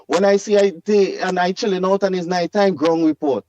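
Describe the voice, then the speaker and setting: A man's voice: high voice, brisk, darkish tone, dry recording, low-quality recording. A man calling in to a talk show from London, speaking earnestly and rambling, with many repeated phrases. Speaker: caller. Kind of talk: call-in talk.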